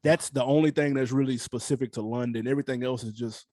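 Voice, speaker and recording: A man's voice: medium pitch, fairly even intonation, fast, dark tone, dry recording. Laid-back male podcast co-host. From United States. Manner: laid-back, rambling, profane storytelling. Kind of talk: casual podcast chat.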